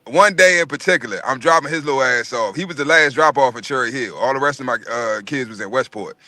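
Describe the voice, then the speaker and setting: A man's voice: mid-range voice, fast talker, no room sound. A man around forty, telling a profane story in casual chat and acting out every voice. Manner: profane, animated, acts out every voice.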